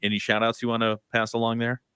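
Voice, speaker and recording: A man's voice: medium pitch, completely flat delivery, fast, pushed and bright, smooth, no room sound. A man co-hosting a morning radio show, teasing his partners with dry humor. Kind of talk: casual radio banter.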